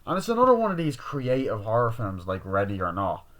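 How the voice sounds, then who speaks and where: Bright-voiced man rambling about a film. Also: on the low side, wildly swooping pitch, brisk. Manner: rambling, heavy swearing, constant "you know" and "like". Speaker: movie reviewer. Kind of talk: casual spoken film review.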